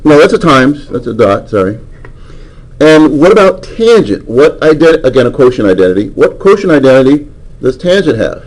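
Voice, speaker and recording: A man's voice: medium pitch, big pitch swings, normal speed, a little mellow, low-quality recording. A man teaching a math class, lecturing and coaxing answers from students with frequent questions.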